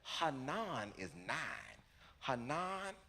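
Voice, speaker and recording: A man's voice: fairly high pitch, extremely slow. A male stand-up comedian telling a family story, repeating lines for effect. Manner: animated, with repetition for effect. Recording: live hall with background noise.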